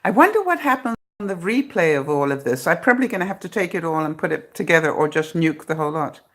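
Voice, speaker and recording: A woman's voice: on the low side, sing-song, quick pace, fairly bright tone. A middle-aged woman chatting on a live stream from her phone, laughing often and joking with a sarcastic edge. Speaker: vlogger hosting a live broadcast. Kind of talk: casual live-stream chat.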